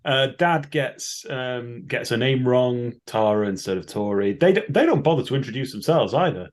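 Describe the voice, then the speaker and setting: Man calmly recapping a plot. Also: medium pitch, normal speed. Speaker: podcast co-host. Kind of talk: casual film review chat.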